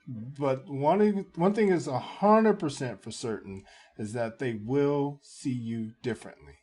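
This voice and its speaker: A man's voice: mid-range voice, sing-song, a little slow, darkish tone, breathy edge. A man giving reaction commentary on video clips, lecturing and emphatic, repeating his points.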